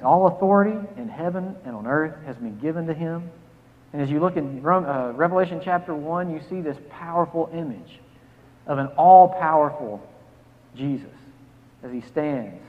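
Man, pastor, sermon and prayer, emphatic then hushed, thin phone-like sound, long hall echo. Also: on the high side. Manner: emphatic, rising on key phrases, dropping soft in prayer. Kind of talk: sermon with scripture reading and prayer.

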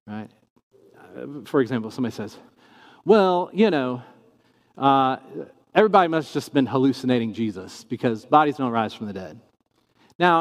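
A man teaching in a casual talk, acting out the questions he quotes. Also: mid-range voice. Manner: animated, acts out quoted questions in shifting tones. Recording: long reverb in a large room.

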